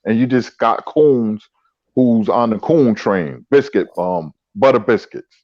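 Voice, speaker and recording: A mid-pitched man talks humbly on a boxing stream in casual street speech. His audio is dull and dry, with a lo-fi edge. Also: takes it slowly, darkish tone, no echo. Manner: humble, emphatic street talk. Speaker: boxing talk show panelist. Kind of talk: casual panel chat.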